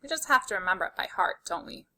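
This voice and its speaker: In a spelling lesson for young kids, a woman patiently sounds out letters and praises what they do, keeping her tone encouraging. She talks fast in an expressive, mid-range voice that sounds pushed and bright.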